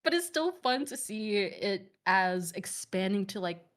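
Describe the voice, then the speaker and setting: A woman in her thirties chatting casually as a guest on a streamer talk show. Her voice sits at an ordinary middle pitch. She rambles with plenty of fillers and breaks into laughter often. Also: big pitch swings, unhurried, slight background noise. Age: 30s. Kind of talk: casual chat.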